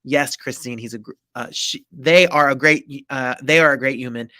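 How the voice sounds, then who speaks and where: An eager male interview host with a bright, forceful tone, promoting the show and stumbling over restarts. The sound is dry and close, with no room around it. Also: mid-range voice, moderate pace, no room sound. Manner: enthusiastic, promotional, stammering restarts. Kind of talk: interview hosting, online show.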